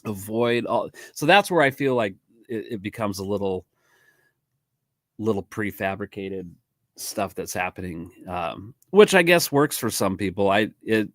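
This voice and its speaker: A man's voice: on the low side, lively intonation, measured pace, no echo, clean studio sound. A man hosting a podcast as a drummer, chatting casually and enthusiastically with a guest and laughing easily. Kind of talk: casual interview chat.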